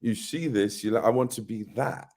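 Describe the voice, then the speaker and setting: A man's voice: mid-range voice, moderate pace. A middle-aged man, an actor, chatting casually in an interview and telling stories with quoted voices acted out. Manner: animated storyteller who acts out quoted voices. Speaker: actor guest.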